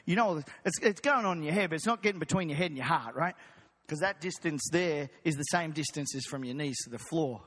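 A man preaching a lively, jokey sermon as pastor, acting out voices of his congregation. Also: on the high side, fairly quick, slightly rough. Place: church hall. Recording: long hall reverb.

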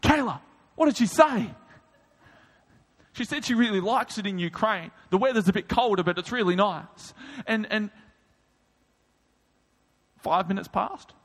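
A man preaching a sermon, telling a comic story in an animated way with quick asides. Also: high-pitched. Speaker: pastor. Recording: reverberant hall.

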